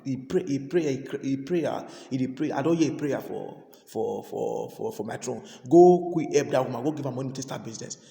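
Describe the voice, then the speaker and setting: A man with a Nigerian accent preaching a sermon, repeating and restarting words, moving between loud exhortation and quiet asides. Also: medium pitch, fairly even intonation, a little fast, creaky. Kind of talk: sermon in Pidgin. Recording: echoey hall reverb.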